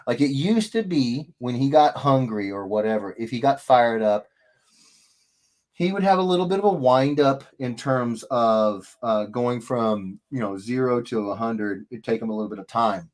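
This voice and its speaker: A man hosting a casual live stream, telling stories in a rambling, animated way with many restarts. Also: medium pitch, a little slow. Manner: rambling, self-interrupting, animated storytelling. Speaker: livestream host. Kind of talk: casual chat.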